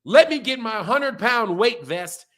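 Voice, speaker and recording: A man hosting a boxing channel, delivering a loud, profane, fired-up rant in casual stream talk, laughing between points. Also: extremely high pitch, expressive, unhurried.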